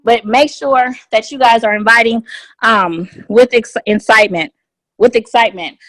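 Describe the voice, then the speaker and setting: Over a phone conference line, a business opportunity trainer with a fairly high voice gives an upbeat motivational session, hammering home key phrases by repeating them again and again. She speaks at a moderate pace, energetic and repetitive. Her sound is dry and close with no room echo, and soft music plays in the background.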